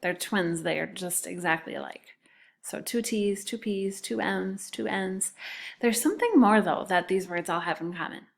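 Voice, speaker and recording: A woman teaching a recorded phonics lesson to second graders, sounding words out syllable by syllable in a clear, deliberate way. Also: mid-range voice.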